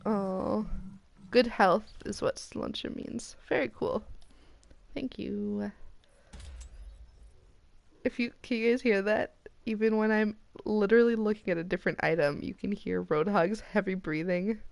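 An American woman streaming a game, chatting casually and getting excited as she opens loot boxes. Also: medium pitch, unhurried, vocal fry, long pauses, dry recording. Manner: excitable and chatty, squealing at rare items. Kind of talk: casual commentary while opening loot boxes.

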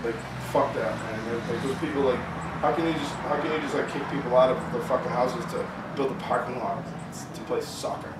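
A man's voice: mid-range voice, steady tone, fairly quick. A man giving a heated, profanity-laced rant in an interview, full of restarts and repetition. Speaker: protest organizer being interviewed. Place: festival grounds. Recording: echoey, distant mic, loud ambient noise.

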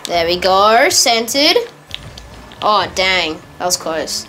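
A woman giving casual, excitable gameplay commentary, correcting herself quickly and laughing often. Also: mid-range voice, a little hiss or hum. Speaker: gamer.

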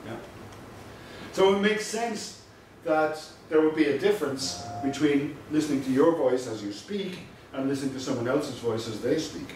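A male lecturer giving a university lecture, measured and explanatory, stressing his key points. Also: on the high side, animated, darkish tone. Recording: very echoey room from a distant mic with faint noise.

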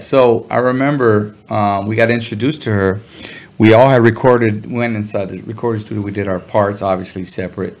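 Laid-back gravelly-voiced middle-aged man. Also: lowish voice, steady tone, normal speed. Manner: laid-back, chuckling, heavy slang. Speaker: guest musician. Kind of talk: casual storytelling interview.

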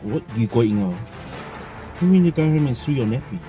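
A man's voice: medium pitch, lively intonation, brisk, mellow, faint music behind. A man, co-hosting a mukbang, who jokes and banters in slangy casual chat while he eats. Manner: joking, banters back, uses local slang. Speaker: mukbang co-host.

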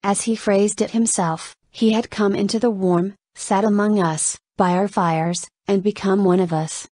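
A woman's voice: mid-range voice, no room sound. Woman narrating an audiobook, dry sound. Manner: steady, measured storytelling. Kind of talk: scripted narration.

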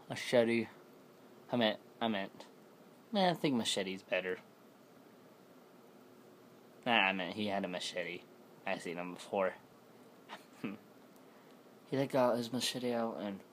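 Male storyteller, casual and rambling, with a deep, unhurried delivery. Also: slight background noise. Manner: rambling, self-correcting. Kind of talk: casual spoken scary story.

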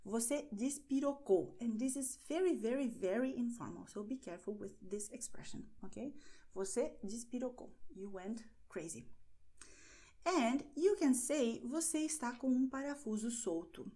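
A woman's voice: fairly high pitch, animated, normal speed, warm tone. A woman teaching a language lesson, a native Brazilian Portuguese speaker who explains patiently and keeps checking in with "okay?".

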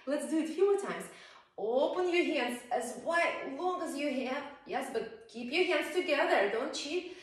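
A woman teaching yoga to small children, playful and coaxing, often asking them questions as she guides the poses. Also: fairly high pitch. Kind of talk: guiding a children's yoga class. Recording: echoey room, voice from far off.

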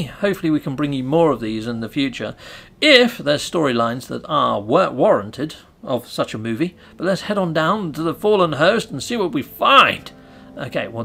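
A British man hosting a gaming channel, giving excitable, chatty gameplay commentary and cheering himself on. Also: on the high side, creaky, slightly rough.

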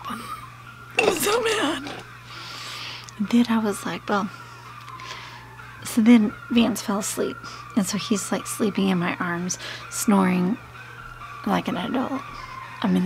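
A middle-aged woman with a mid-range voice does her makeup for a beauty vlog while telling a personal story. She is chatty and rambling, using plenty of fillers, with background noise and music behind her.

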